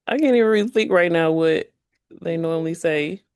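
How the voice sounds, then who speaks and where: A woman's voice: lowish voice, normal speed, a little mellow, clear, resonant tone, dry recording. A woman from Missouri, a new life coach, giving brief, hesitant replies with nervous laughs. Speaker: newly certified life coach. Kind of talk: casual chat.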